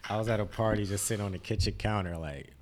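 A man's voice: on the low side, quick pace, slight background noise. A young man, a podcast guest, rambling through stories and laughing through his words. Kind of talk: casual chat.

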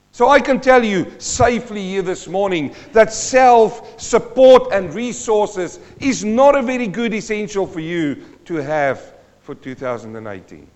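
A man preaching a sermon as a pastor, swinging from hushed tones to loud emphasis. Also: a little high, long reverb tail, highs cut off.

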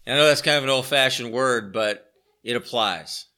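Bright-voiced man preaching a sermon. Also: mid-range voice, normal speed. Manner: earnest, repeats phrases for emphasis, asks listeners rhetorical questions. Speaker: pastor. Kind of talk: conversational sermon.

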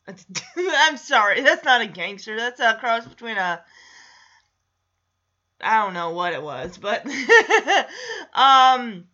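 A woman's voice: on the high side, very animated, takes it slowly, pauses often, pushed and bright, dull audio. A woman chatting casually through a TV episode recap, playfully acting out the characters' lines. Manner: chatty, acts out quotes, laughs often.

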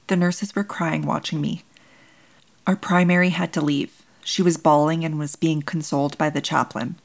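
Low gravelly woman reading her memoir. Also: level tone. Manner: measured, solemn, short plain sentences. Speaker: bereaved mother telling her story. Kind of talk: first-person memoir narration.

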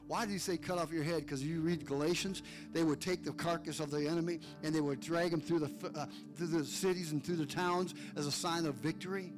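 A man's voice: on the high side, steady tone, fairly quick, few pauses, music in the background. A male pastor preaching a fired-up sermon, calling on listeners by name.

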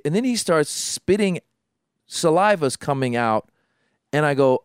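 A man on a podcast telling a story in casual chat, animated, with many restarts and acted-out voices. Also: a little high, normal speed, clean tone, dry recording, clean studio sound.

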